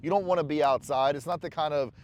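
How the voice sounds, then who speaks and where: A man's voice: on the high side, fast talker. Blunt, profane man talking to camera. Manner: blunt, profane self-talk; candid and rambling, with restarts. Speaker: vlogger. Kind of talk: casual motivational monologue to camera.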